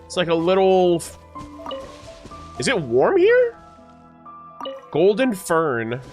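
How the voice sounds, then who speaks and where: A man streaming a game, reacting and joking excitedly with his chat as he plays. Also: high voice, takes it slowly. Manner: excitable, jokey, talks to chat. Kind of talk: casual gameplay reaction commentary. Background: faint game music.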